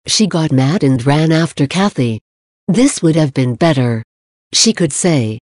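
Calm chipmunk narrator, dry close mic. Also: mid-range voice, a little slow, no room sound. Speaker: narrator of a parenting advice podcast. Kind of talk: scripted narration.

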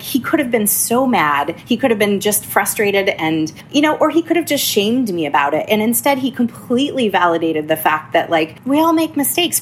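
A woman real estate agent telling a candid story in a casual podcast chat, animated and full of fillers. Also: mid-range voice, a little hiss or hum.

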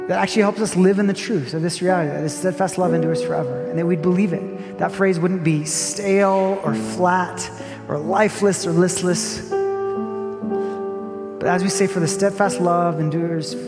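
A man preaching a sermon as a pastor, earnest and reflective, repeating key phrases with gentle emphasis. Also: high-pitched. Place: church sanctuary. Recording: long hall reverb with soft music behind.

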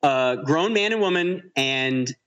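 A man co-hosting a casual film podcast, walking through a movie scene by scene with plenty of laughter. His voice is bright and forward and sits a touch high. He tells the story animatedly. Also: takes it slowly, highs cut off. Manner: animated retelling with frequent laughs. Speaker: podcast co-host. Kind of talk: casual movie-review chat.

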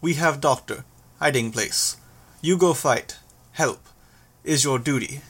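A man's voice: mid-range voice, takes it slowly, fairly bright tone, husky. A man voicing a blunt young working-class man who talks in short, broken phrases.

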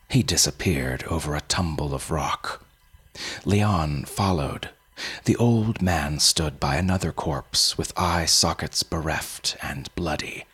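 Deep husky slow male storyteller. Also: a bit bright. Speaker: story reader. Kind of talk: scripted fantasy narration.

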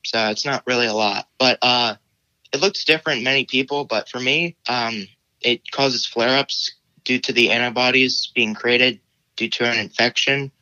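A man's voice: mid-range voice, moderate pace, sharp tone, no echo, muffled recording. A teenage boy answering interview questions casually, hesitant and full of fillers. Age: teens. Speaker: guest.

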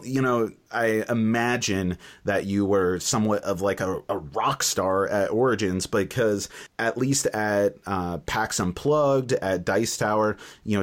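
Low-voiced, enthusiastic male interviewer. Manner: enthusiastic, filler-heavy and encouraging. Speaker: podcast interviewer. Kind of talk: casual interview conversation.

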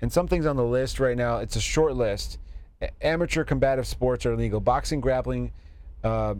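A man's voice: mid-range voice, normal speed, darkish tone. A man hosting a podcast in casual chat, laughing often, rambling through news with fillers and swearing. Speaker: podcast host.

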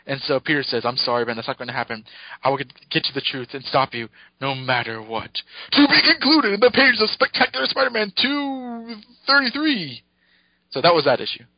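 Excited man recapping comics, dull mic. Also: fairly high pitch, fast talker, dry recording. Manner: excited, laughs often, acts out quotes. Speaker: podcast co-host. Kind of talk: casual chat, recapping a comic.

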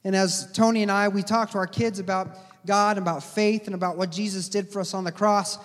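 High-voiced man preaching in a hall. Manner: earnest, slows down to stress key words. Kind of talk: sermon. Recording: long hall reverb.

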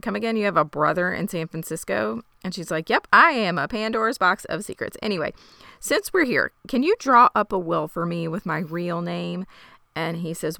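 Woman co-host, low fry-heavy voice, crisp and dry, wry recapper. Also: bright, forceful tone, dry recording. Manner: wry, reads from notes. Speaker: podcast co-host. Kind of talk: casual recap chat.

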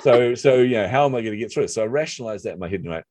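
A middle-aged man with a New Zealand accent, telling a personal story in a lively, self-deprecating way during a conversation. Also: mid-range voice, very fast, dry recording. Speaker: author and marketer, guest.

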